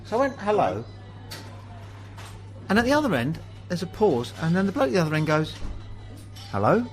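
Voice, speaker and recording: An English man hosts a relaxed pub chat, reeling off anecdotes and playing every part in them. His voice sits a little high and swings widely as he talks. Faint music plays underneath. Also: very fast, poor audio. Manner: animated anecdotes, acts out dialogue. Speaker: host.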